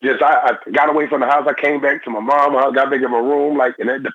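A man's voice: medium pitch, fairly even intonation, fairly bright tone, no echo. Young man on a tinny phone line. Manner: halting and repetitive, restarts phrases. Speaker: former football player guest. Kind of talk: phone-in interview.

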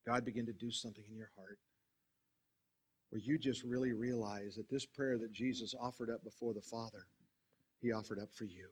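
The preacher's voice is slightly rough, brisk, and fairly even in intonation as he addresses his church. He leads the congregation in spoken prayers, going from loud, emphatic sections to hushed, low prayer.

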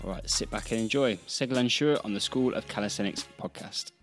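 A man's voice: on the low side, quick pace, soft background music. A man co-hosting a podcast, introducing the episode with upbeat enthusiasm. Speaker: podcast co-host.

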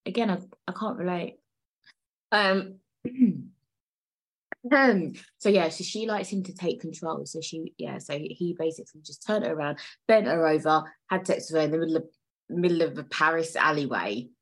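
A woman hosts a loose, chatty solo podcast in a low, husky voice. She wanders off topic, swears freely and laughs often as she goes. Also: normal speed, rough recording. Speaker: podcast host. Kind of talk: casual solo podcast chat.

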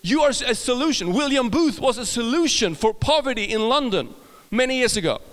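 A man's voice: very high-pitched, animated, fairly quick, a bit bright. A man with a Swedish accent preaching a sermon, telling stories with frequent restarts and repeated words. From Sweden. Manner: storytelling with frequent restarts and self-laughter. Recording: long hall reverb.

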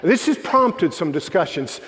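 A fairly high-voiced man preaches a sermon as pastor. He tells stories earnestly and dips his voice low for the people he quotes. His words ring out with a long reverb, as in a church sanctuary. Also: big pitch swings, measured pace, fairly bright tone.

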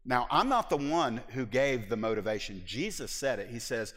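A male pastor preaching a sermon in an animated, conversational way, acting out little asides. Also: medium pitch, normal speed, hardly any pauses, long reverb tail.

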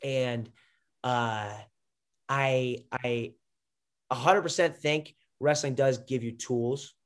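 His voice is mid-range and steady, the pace slow. A young ex-wrestler appearing as a podcast guest, he tells stories casually, rambling with many fillers and restarts.

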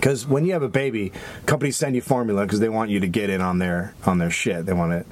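A man's voice: fairly low pitch, fast. A man co-hosting a comedy podcast, telling a story and acting out the people in it. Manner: animated, acts out quoted people. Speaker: podcast co-host.

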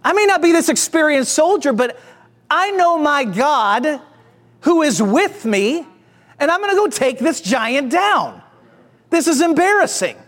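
Brief: preacher playing an indignant young shepherd, high and animated, in a sermon. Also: male voice, measured pace, big-room sound, full character voice. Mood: defiant.

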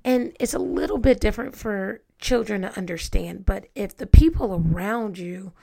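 Earnest woman with a gravelly edge. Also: mid-range voice, normal speed, mellow. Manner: earnest, repeats words, asks rhetorical questions. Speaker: podcast host. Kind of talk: reflective solo podcast talk.

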